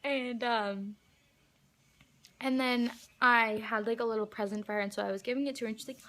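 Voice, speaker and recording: A young woman vlogging an excited fan storytime, gushing and full of fillers. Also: a little high, brisk.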